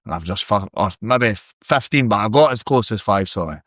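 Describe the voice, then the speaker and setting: A Scottish man spins a lively, sweary yarn in a casual podcast chat. His voice sits fairly low. The sound is dry and close, with no room echo. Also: fairly quick. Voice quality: sweary, animated storyteller. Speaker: podcast guest. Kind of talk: casual storytelling.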